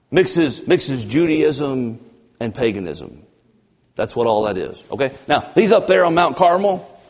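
Fervent male preacher in echoing church. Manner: fervent, swinging between loud emphasis and low, drawn-out delivery. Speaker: pastor. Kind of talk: sermon. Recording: long church reverb.

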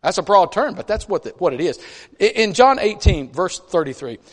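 A man preaching a conversational sermon in a church, folksy and animated, with chatty asides between scripture readings. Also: high voice, moderate pace. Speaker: pastor. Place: church sanctuary. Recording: long church reverb.

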